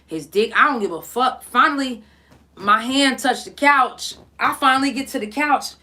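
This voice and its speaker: Bright, blunt storytelling woman. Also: high voice, normal speed. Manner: blunt, profane, animated storytelling. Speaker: podcast host. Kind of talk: casual storytime.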